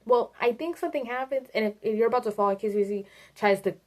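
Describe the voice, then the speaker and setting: A woman giving a casual, animated rant about a video game to her viewers, swearing and addressing them directly. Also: a little high, quick pace. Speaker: video creator.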